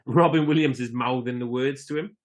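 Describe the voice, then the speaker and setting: A man on a film podcast, easygoing and chatty as he reads out bits of movie trivia. His voice sits at an ordinary middle pitch for a man. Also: fairly quick. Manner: laid-back, reading out trivia. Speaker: podcast co-host. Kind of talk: casual film chat.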